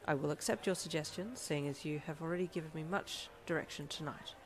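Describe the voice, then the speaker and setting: A woman's voice: low voice, a little fast, slight background noise, natural voice. A woman reading a fanfiction audiobook, voicing a stiff, earnest young man who speaks in precise, formal phrases without contractions. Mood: earnest, dejected.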